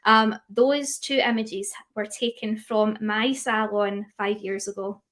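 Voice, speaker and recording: A woman's voice: medium pitch, steady tone, slow pace, a bit bright. A young woman teaching a live online class on dog grooming, asking her audience questions and reading out their chat answers. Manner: chatty, asks the audience questions, reads out chat replies.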